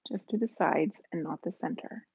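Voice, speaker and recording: Her voice lowish, gravelly and husky, a woman talks at a moderate pace while painting on a live stream, chatting nervously and casually with viewers and commenters. The home-stream audio is dull and dry, with no echo.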